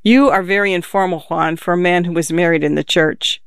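A man's voice: high-pitched, fairly even intonation, a little fast, a bit bright, clear, resonant tone, no room sound, clean studio sound. A man voicing an irritable, blunt boss who gives curt warnings, read as part of a story.

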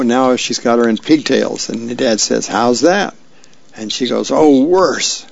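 A man reading the paper aloud for a radio reading service, plain and friendly with small stumbles. His voice has a heavy gravelly crackle. The recording is dry and a little muffled. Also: medium pitch, darkish tone, no room sound. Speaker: volunteer reader. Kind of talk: reading newspaper comics and birthdays aloud.

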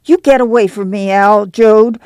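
A woman voicing a sharp, pouting young woman quick to anger, snapping back with scolding retorts in a storybook reading. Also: medium pitch, clear, resonant tone, no room sound, voice pushed up, natural voice. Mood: indignant.

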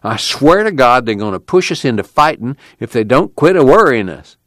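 A man's voice: mid-range voice, sing-song, normal speed, fairly bright tone, no echo, voice pushed up. A man doing a stern, worried Okie camp leader. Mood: pleading. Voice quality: earnest, pleading, rural grammar.

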